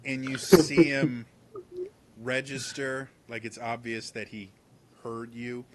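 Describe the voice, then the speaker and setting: A man narrating a tabletop game as game master, relaxed and rambling. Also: medium pitch, takes it slowly, slight background noise.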